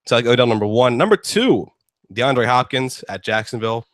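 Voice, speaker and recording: A man's voice: mid-range voice, expressive, fairly quick, no room sound, studio quality. A man hosting a casual sports talk show, rambling and joking with lots of fillers. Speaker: host.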